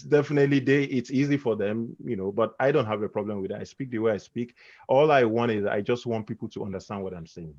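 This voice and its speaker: A man who is a podcaster talking in a casual video-call chat, telling lively stories and acting out the voices in them. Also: medium pitch, brisk, no echo. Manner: animated storyteller, acts out voices. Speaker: podcaster guest. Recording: dull lo-fi video call audio.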